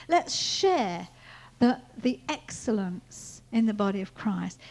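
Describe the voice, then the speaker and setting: A woman preaching a sermon, repeating phrases and swinging from quiet teaching to loud proclaiming. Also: fairly high pitch, rough recording.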